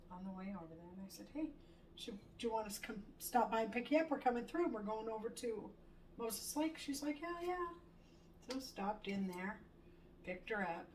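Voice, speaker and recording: A middle-aged woman chatting casually in her home kitchen while she cooks, telling a story with animated quoted lines and the odd swear. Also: mid-range voice. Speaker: home cooking vlogger. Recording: distant mic, faint room noise.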